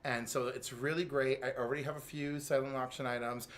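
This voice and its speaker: An American man co-hosting a show, animatedly recapping comics in casual chat and acting out character lines. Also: brisk. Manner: animated storyteller, acts out character lines with big pitch jumps. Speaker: co-host.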